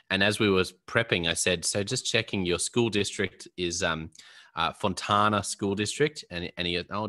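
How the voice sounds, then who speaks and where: A man's voice: sits low, sharp tone. An Australian man hosting a leadership podcast, chatty and laughing often as he chats with a guest. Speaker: podcast host. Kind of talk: casual podcast interview.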